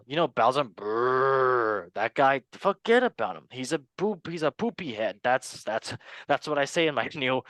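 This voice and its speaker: A man's voice: medium pitch, a bit bright, dry recording, lightly acted. A man doing a comedic impression of a goofy, self-promoting male movie star, clowning around. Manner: clowning, repeating a catchphrase-like self-introduction.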